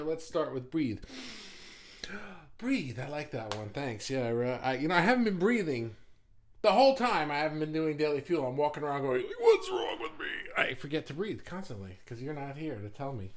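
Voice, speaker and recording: A man hosting a live online group session, chatting casually with viewers, greeting them by name and rambling with jokes and the odd swear word. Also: mid-range voice. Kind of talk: casual livestream chat with viewers.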